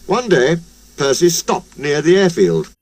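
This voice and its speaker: Expressive man reading a storybook. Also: a little high, a little slow, no room sound. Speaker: narrator.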